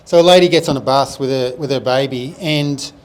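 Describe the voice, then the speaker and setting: A man's voice: mid-range voice, brisk. A man, a local comedian, answering in short, laid-back replies before telling a joke. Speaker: guest comedian.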